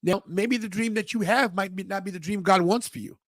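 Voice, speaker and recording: A man's voice: high-pitched, fairly quick, no echo. A middle-aged man hosting a podcast, telling a personal story with emotion and acting out the people in it. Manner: emotional, animated retelling with quoted voices. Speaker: podcast host. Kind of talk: storytelling monologue.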